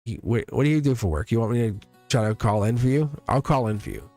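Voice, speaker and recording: A man's voice: mid-range voice, expressive, fast, dark tone, faint music behind. A man hosting a live tarot stream in a casual, rambling way, chuckling often and joking with his viewers.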